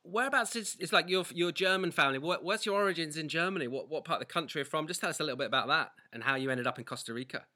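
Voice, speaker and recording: A man's voice: fairly high pitch, very fast, hardly any pauses, bright, forceful tone. A male interviewer asking casual questions, stumbling and repeating the start of his questions.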